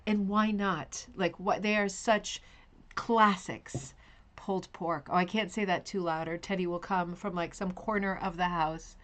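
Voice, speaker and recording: A woman's voice: fairly low pitch, fairly even intonation, measured pace, fairly bright tone. A woman hosting a craft live stream, chatting casually and greeting viewers by name with scattered, self-interrupting talk. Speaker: host of a rug hooking live stream.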